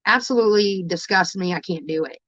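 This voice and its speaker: Female streamer, unscripted and emotional, heavy profanity, halting delivery; dull, dry home audio. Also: medium pitch, fairly bright tone, no echo. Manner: raw, emotional, swears constantly, halting restarts. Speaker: livestreamer. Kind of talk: candid livestream talk to viewers.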